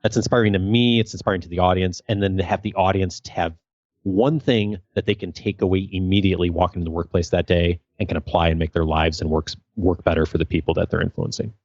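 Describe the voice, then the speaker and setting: A man speaking as a guest on a podcast, earnest and measured, explaining his work with gratitude. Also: low-pitched, steady tone, darkish tone, no echo, lo-fi sound. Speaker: podcast guest, leadership coach. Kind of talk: conversational interview.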